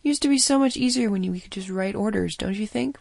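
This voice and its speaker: A woman's voice: mid-range voice, a little fast, gravelly, a little mellow, no echo. A woman voicing a grumpy older woman doctor who is blunt and teasing, speaking in a dry, sarcastic, bossy way.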